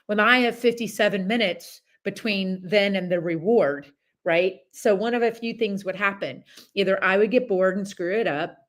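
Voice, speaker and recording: A middle-aged woman hosting a podcast, talking in a chatty, animated way with many asides and restarts as she gives a casual motivational talk. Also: mid-range voice, normal speed. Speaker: podcast host.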